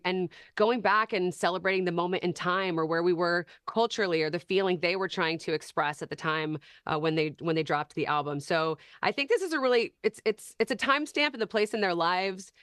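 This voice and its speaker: A woman's voice: fairly low pitch, brisk, few pauses, a bit bright, clean tone, no room sound, studio quality. A woman appearing as a guest on a television talk show, chatting about music with bubbly enthusiasm. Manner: enthusiastic, conversational. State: slightly parched. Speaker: radio host, guest.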